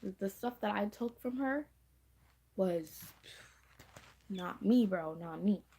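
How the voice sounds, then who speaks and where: A woman's voice: mid-range voice, lively intonation, takes it slowly, dark tone, slightly rough. A teenage girl telling a storytime to camera in a chatty, slangy way, repeating her phrases. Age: teens. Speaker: storytime vlogger. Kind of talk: casual storytime vlog.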